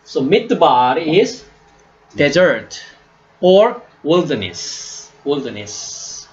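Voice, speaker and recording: A man teaches a class at a deliberate, unhurried pace. His voice sits fairly high and swings up and down a lot as he repeats words for his students. The recording sounds dull and lo-fi. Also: big pitch swings. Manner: slow, repeats words and asks "right?" often. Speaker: Hebrew teacher. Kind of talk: classroom lesson.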